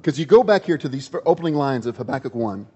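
A man preaching a sermon in a conversational, animated storytelling way, in an echoey, dull-sounding hall. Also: mid-range voice, fast talker, breathy edge. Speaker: pastor.

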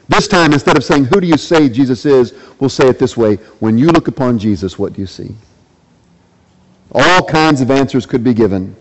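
A man preaching a sermon, reading scripture and asking his listeners repeated rhetorical questions. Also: low-quality recording. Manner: rhetorical questions, acts out quoted lines with rising pitch. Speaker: pastor.

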